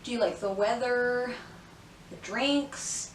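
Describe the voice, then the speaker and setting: A woman's voice: a little high, takes it slowly, reverberant, recorded from a distance, a little hiss or hum, poor audio. A young woman in her twenties from South Florida chats casually through a makeup tutorial, rambling with lots of "like" and "y'all.". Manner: chatty, rambling, peppered with "like" and "y'all". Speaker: beauty vlogger. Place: home room, indoors. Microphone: camera mic at a short distance.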